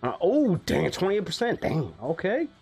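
Excitable young man, casual game commentary. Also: high voice, moderate pace, creaky, husky, faint music behind. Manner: excitable, swears freely, laughs a lot. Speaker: gaming YouTuber.

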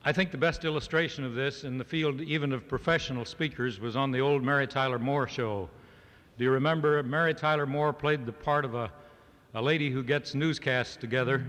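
At a farm organization meeting, a man gives a humorous speech to a live audience, adopting a mock-serious lecturing tone. His mid-range voice is a bit bright, fairly quick, with fairly even intonation. The archival cassette captures a large, reverberant hall with an audience.

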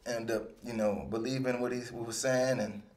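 A man in his thirties, a retired football player, telling stories from his career in a casual, rambling interview, sometimes jumping into animated bursts. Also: medium pitch, moderate pace. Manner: relaxed, rambling, with animated bursts when quoting himself. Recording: roomy echo.

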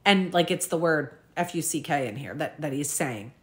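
A woman with a low-pitched voice and lively intonation, speaking at normal speed, hosts a true crime recap. She reads journal entries aloud casually, with frequent ums and self-corrections, and talks straight to her viewers as "you guys."

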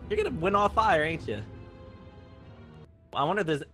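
A man's voice: on the high side, expressive, moderate pace, pushed and bright, faint music behind. A man joking and laughing with friends, tossing out accusations in casual voice chat during an online game.

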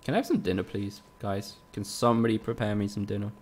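Gravelly-voiced man streaming games. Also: fairly low pitch, fairly even intonation, quick pace, a little mellow. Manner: swears often, chats with viewers, sarcastic. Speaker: gaming streamer. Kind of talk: casual live-stream commentary.

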